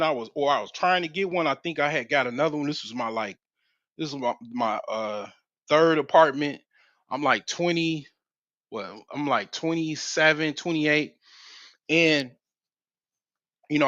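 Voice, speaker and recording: This man in his forties, hosting a livestream, has a voice on the high side that sounds pushed and bright. His story rambles, full of slang, restarts and swearing, on a slightly dull, dry lo-fi mic with no echo.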